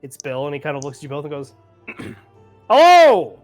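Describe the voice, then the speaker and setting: A man running a tabletop game as game master, rambling loosely and laughing as he narrates. His voice sits in a middle pitch, and faint music plays underneath. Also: completely flat delivery, very fast. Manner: rambling, laughing, searches for words.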